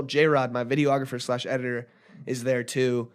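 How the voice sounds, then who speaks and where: A man's voice: mid-range voice, level tone, normal speed, clean tone. A young man telling a story casually as a podcast guest, rambling with lots of fillers and restarts. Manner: rambling, filler-heavy retelling with frequent restarts.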